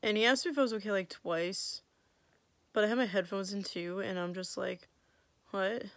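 A young woman tells a story to her camera in a loose, chatty way. She mocks herself, quotes her own thoughts aloud and laughs often. Her pitch sits in the middle. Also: steady tone, moderate pace, fairly bright tone, no room sound. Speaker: vlogger. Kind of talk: casual storytelling.

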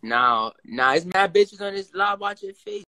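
Hyped young guy on a livestream, high voice, real bright sharp tone. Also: a little slow, no echo. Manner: excitable, profane slang. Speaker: livestream participant. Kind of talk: casual livestream chat.

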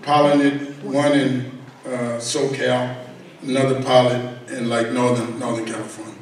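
A man's voice: medium pitch, level tone, normal speed, slight background noise. A middle-aged man giving a motivational keynote speech at a gala, talking with a folksy, emphatic, preacher-like cadence. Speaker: keynote speaker. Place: large event hall at a gala. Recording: echoey hall recorded from far off.

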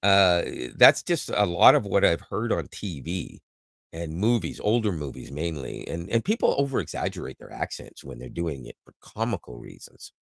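A Canadian man co-hosting a casual podcast, with a lowish voice that swings widely as he jokes and rambles. He laughs often and restarts his sentences. The sound is close and dry, with no room echo. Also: big pitch swings, normal speed, vocal fry, a bit bright. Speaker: podcast co-host. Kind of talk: casual chat.

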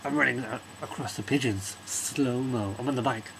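A man rants through a film review in a loose, rambling way, swearing freely as his exasperation builds. His voice sits at a mid pitch, and faint background noise runs beneath him. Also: fast talker, vocal fry. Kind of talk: casual rant-style film review.

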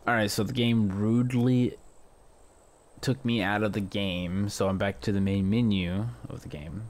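A man commentating a horror game he is playing, reacting on the spot and repeating short phrases over and over. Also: fairly low pitch. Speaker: gamer.

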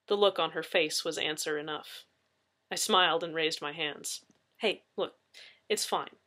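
A woman's voice: deep voice, steady tone, measured pace, bright, forceful tone. A woman reading her novel draft aloud in first person, with wry, casual delivery of her own character's lines.

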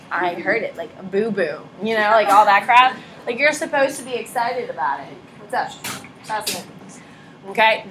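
A woman's voice: on the high side, a bit bright, slight background noise, low-quality recording. A young woman teacher giving a chatty classroom lecture, telling stories with sarcastic asides. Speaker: high school teacher.

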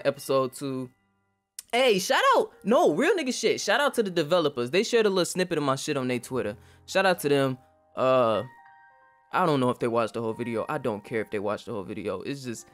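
A man's voice: medium pitch, fairly bright tone. A young man in casual commentary, reacting to a game in an emotional, profane way. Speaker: gaming YouTuber.

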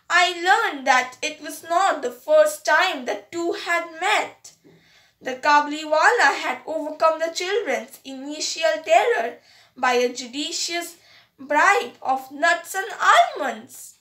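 A woman with an Indian English accent, reading a story aloud as an audiobook narrator, slow and careful, in a roomy, echoey recording. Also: sits high, bright, forceful tone. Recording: roomy echo.

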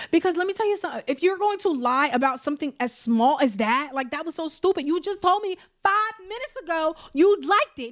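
A woman giving a casual, exasperated reality TV review, chatty and emphatic, repeating words for effect and saying "like" often. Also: very high-pitched. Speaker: TV show reviewer.

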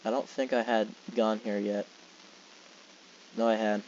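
A man's voice: fairly low pitch, little pitch movement, a little slow, a little mellow, muffled recording, slight background noise. A young man giving casual, exasperated commentary while playing a game, talking to himself and swearing. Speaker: gamer.

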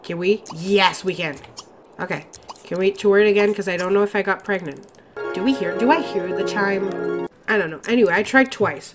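A woman's voice: mid-range voice, normal speed, faint music behind. Congested woman doing casual game commentary. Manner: chatty, exasperated, swears and laughs often. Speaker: let's play host.

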